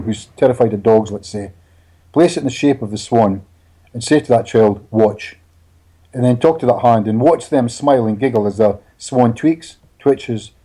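Husky guy chatting on an interview, animated and laughy, repeats himself a lot. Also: medium pitch. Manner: animated storyteller, laughs often, repeats words. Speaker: hypnotherapist guest. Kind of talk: casual interview chat.

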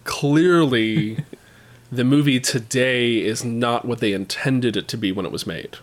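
A man's voice: medium pitch, unhurried. A man co-hosting a podcast, giving a film review with dry, wry remarks and lots of hedging fillers. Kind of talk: casual chat.

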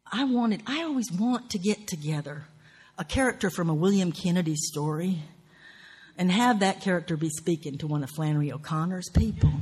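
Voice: mid-range voice, darkish tone, slightly rough. A writing teacher with a Southern US accent, lecturing on craft in an earthy, profane, wry way with folksy grammar.

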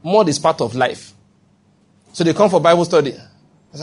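A man's voice: a little high, lively intonation, normal speed, long pauses, husky. A man preaching a sermon in a conversational way, acting out quoted voices and often checking that listeners follow. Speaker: pastor.

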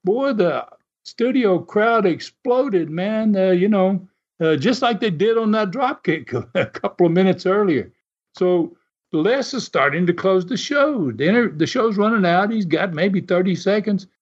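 A man casually telling an animated, folksy story and chuckling often as he goes. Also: high-pitched, a little slow. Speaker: storyteller recalling wrestling TV. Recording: dull lo-fi sound.

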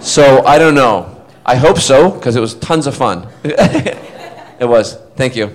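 A middle-aged man at a convention panel tells a long funny story into a handheld mic. He acts out the lines of the people in it as he goes, in an easy voice of middle pitch. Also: unhurried. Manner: animated storyteller who acts out quotes. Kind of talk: casual anecdote telling on stage.

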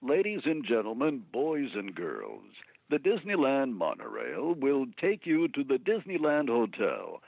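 A man imitating a formal, measured theme-park public-address announcer, heard over a thin phone line. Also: mid-range voice, wildly swooping pitch, no room sound, heavily acted.

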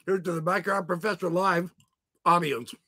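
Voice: medium pitch, steady tone, normal speed, husky, no echo, studio quality. A livestream host chatting playfully with viewers while talking through a mouthful of food. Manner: playful, greets viewers by name, exclaims loudly. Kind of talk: casual live-stream chat.

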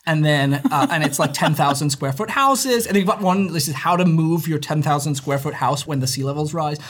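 Animated man with hybrid British accent. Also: fairly high pitch, fairly quick. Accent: British-American hybrid. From England. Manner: animated, argumentative, laughs often. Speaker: author guest. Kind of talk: casual interview chat.

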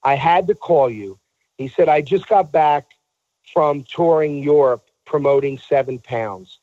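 A man with a fairly high voice tells a story in a casual talk, acting out the people he quotes. The sound is dry and a bit dull, as if recorded on lo-fi gear. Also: unhurried, mellow, no room sound. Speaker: guest telling a story.

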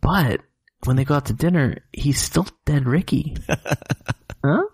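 A man co-hosting a casual podcast, excitable, swearing freely and laughing often. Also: a little high, unhurried, breathy edge. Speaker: podcast co-host reviewing films. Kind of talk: casual chat.

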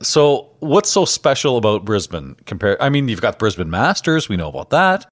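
Lively, upbeat male podcast host. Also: medium pitch, moderate pace. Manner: upbeat, joking banter. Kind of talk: casual podcast chat.

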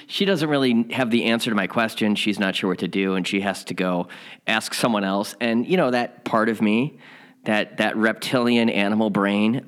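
A man's voice: on the low side, a bit bright. A man teaching a spiritual lesson, telling a candid story in a rambling, self-mocking way before reading the day's lesson.

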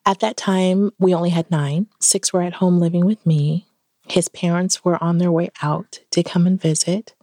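Her voice sits on the low side and moves at a normal speed, captured at studio quality with no room sound. This middle-aged woman is a guest on a podcast, recounting a personal story in an interview with animation and performing the dialogue within it.

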